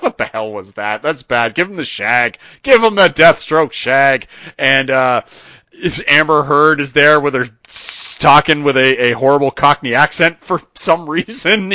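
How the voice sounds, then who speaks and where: A man with a bright, forceful voice rants through a casual podcast chat and laughs as he goes. The sound is dry and slightly dull, like a lo-fi home podcast mic. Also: medium pitch, clear, resonant tone, dry recording. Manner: animated, ranting, laughs often. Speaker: podcast host.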